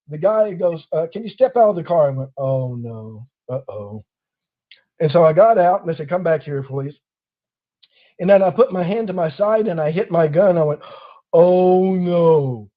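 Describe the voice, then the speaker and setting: A man's voice: sits high, narrow, tinny audio. A man hosting a casual talk, telling a long personal story and acting out the voices of people in it. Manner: animated storyteller acting out quoted officers. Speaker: host.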